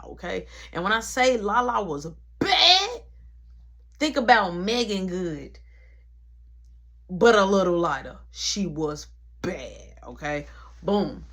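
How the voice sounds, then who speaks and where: A woman telling a long personal story in a casual, animated way, full of slang and punchy sound words. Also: mid-range voice.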